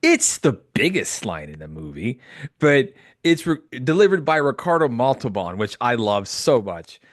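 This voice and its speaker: A man hosting a casual podcast chat, excitable, laughing often and quoting lines. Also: medium pitch, moderate pace, dry recording, studio quality. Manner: excitable, laughs often, quotes the film in character. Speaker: podcast host.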